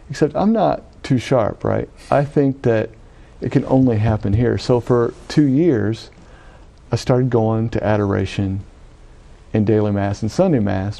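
A middle-aged man from Louisiana, a Catholic priest, giving an animated personal testimony and acting out the voices he quotes. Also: medium pitch, creaky. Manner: animated storytelling, acts out quoted voices, frequent "right?". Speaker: Catholic priest telling his vocation story.

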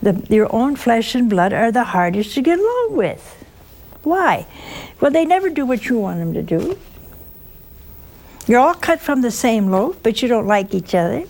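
A woman who is a nun, giving a storytelling sermon, slow and emphatic, with rhetorical questions and folksy asides. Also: fairly high pitch, very animated, a little mellow.

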